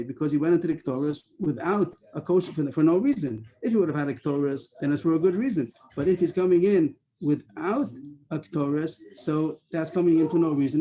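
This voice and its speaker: A man teaching a Talmud class over a video call, explaining quickly and weaving in Hebrew and Aramaic terms. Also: fairly high pitch, warm tone.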